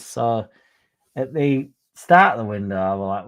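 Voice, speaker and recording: Casting: male fan-channel host, gravelly, rambling, sweary live-chat delivery. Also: deep voice, expressive, moderate pace. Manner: rambling, self-interrupting, sweary. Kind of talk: casual live-stream chat reading comments.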